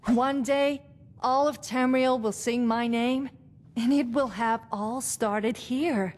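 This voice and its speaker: A woman's voice: on the high side, steady tone, slow. A woman voicing a proud, glory-seeking female archer in a game, with a Scandinavian-sounding Nord accent and a practical, matter-of-fact manner. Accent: Nord-style Scandinavian-sounding. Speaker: game character.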